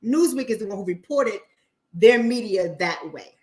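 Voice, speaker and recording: A woman's voice: medium pitch, animated, normal speed, a little mellow. A woman hosting a casual livestream chat, talking bluntly to her viewers with frequent profanity and repeating points for emphasis. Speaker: online talk show host.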